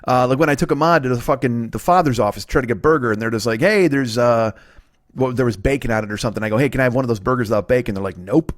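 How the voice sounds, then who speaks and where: Podcast host, man in his forties, quick rambling talker, swears a lot, dry close sound. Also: mid-range voice, no echo. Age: 40s. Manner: rambling, profane, animated, self-deprecating. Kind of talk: casual storytelling monologue.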